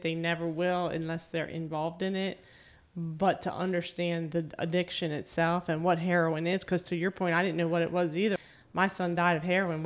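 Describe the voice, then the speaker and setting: Middle aged woman, even flat delivery, talks plain and sincere. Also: lowish voice. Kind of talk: casual conversation.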